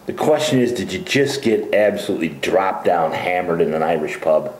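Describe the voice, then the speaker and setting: A man's voice: sits low, expressive, normal speed, darkish tone, slight background noise. A man hosting a casual sports chat show, teasing his co-host with jokes. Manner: joking, teasing banter. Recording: roomy echo.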